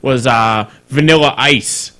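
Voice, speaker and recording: A man co-hosting a casual podcast, animated, swearing freely and laughing often as he talks. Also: mid-range voice, slow. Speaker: podcast co-host. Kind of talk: casual chat. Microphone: studio mic on a live stream.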